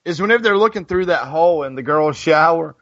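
A man's voice: a little high, animated, fast, fairly bright tone, no room sound. A man co-hosting a podcast in casual chat, rambling, restarting sentences, full of "you know". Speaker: podcast co-host. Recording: dull lo-fi podcast audio.

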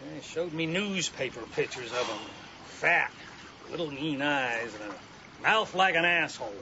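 An actor with an Oklahoma accent playing a folksy, thoughtful former preacher with a drawling, musing way of talking, on an old film soundtrack. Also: male voice, a little high, animated, normal speed. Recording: dull, faintly hissy old film soundtrack.

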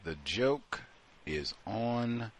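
A man's voice: medium pitch, animated, extremely slow, a little hiss or hum. A man hosting a talk show, giving emphatic, incredulous, conversational commentary on listener stories. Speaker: host.

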